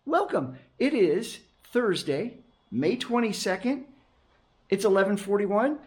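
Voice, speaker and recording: A man's voice: high-pitched, lively intonation, takes it slowly. A man working as a night security guard, chatting casually to his action camera from a gate booth in a rambling, restless way. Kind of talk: casual vlog chat to camera.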